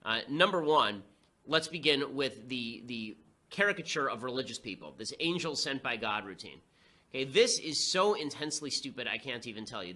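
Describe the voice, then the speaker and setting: Rapid-fire sarcastic male commentator. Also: medium pitch, bright, forceful tone. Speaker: political commentator. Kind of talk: fast political commentary monologue.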